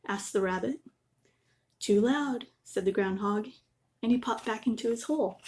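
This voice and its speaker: A woman gently reading a children's bedtime story aloud, adding little asides. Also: mid-range voice, fairly quick, a little hiss or hum.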